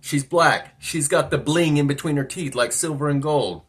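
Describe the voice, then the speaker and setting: A man's voice: a little high, normal speed, a bit bright. A man telling a personal story in a rambling, musing monologue, often asking himself questions. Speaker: vlogger.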